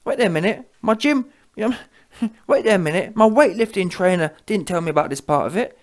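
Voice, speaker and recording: A man's voice: high voice, lively intonation, a little fast, voice pushed up. A man mockingly playing a bewildered male heavyweight boxer in a puzzled, whiny voice. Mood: baffled.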